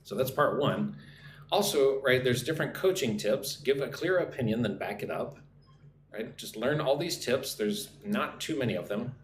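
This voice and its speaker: An American man gives a live English lesson with lively intonation at a moderate pace, his pitch medium. He reads viewer comments aloud and often checks in by saying "right?" The room sounds echoey, with faint noise in the background.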